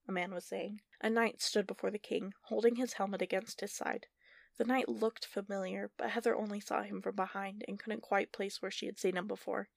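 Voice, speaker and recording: Woman reading a fantasy audiobook, steady pace, bit gravelly, very dry sound. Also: medium pitch, no room sound. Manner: steady, measured storytelling. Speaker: narrator. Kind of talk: audiobook narration.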